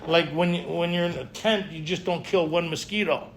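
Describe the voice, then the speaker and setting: A man with a voice on the high side and a steady tone speaks at normal speed to a group at a men's retreat, where he's a recovery speaker. He talks casually and keeps checking in with his listeners, with faint room ambience and noise in the background.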